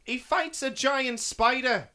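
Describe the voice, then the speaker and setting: Guesting on a film review podcast after his first viewing, this man rambles and gushes with enthusiasm in casual conversation. His voice is very high, slow and sharp in tone.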